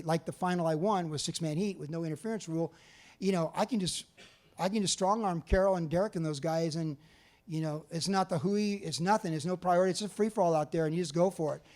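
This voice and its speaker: Older man in his 60s with a high voice, giving an animated storytelling talk to an audience. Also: a little fast. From California. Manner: animated, acts out other people's lines. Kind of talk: storytelling presentation. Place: museum talk before an audience.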